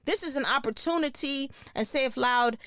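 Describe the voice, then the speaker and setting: A woman's voice: high voice, normal speed, fairly bright tone, no echo, clean studio sound. A middle-aged woman, a comedian hosting her own podcast, ranting bluntly with lots of swearing and laughing at her own jokes. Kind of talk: profane comedic rant.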